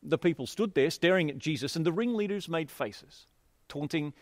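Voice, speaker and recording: A man delivering a sermon, slightly higher-pitched than most, with a very lively, animated voice that rises and falls as he tells the story. His delivery is expressive and emphatic. The recording sounds dry and close. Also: normal speed, no echo. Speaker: preacher. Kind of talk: sermon with scripture reading.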